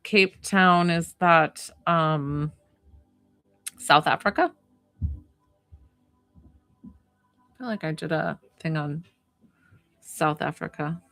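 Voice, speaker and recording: Lady chatting on a live stream, low gravelly voice, giggly, lots of likes and ums. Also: slow, long pauses, fairly bright tone, no room sound, faint music behind. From United States. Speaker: psychic medium hosting a live stream. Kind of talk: casual live-stream chat.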